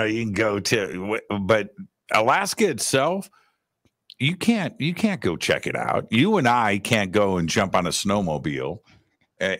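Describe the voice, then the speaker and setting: A man's voice: fairly low pitch, fairly bright tone, no room sound, studio quality. A man co-hosting a live talk show, chatting casually and rambling with lots of fillers. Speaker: radio host, co-host.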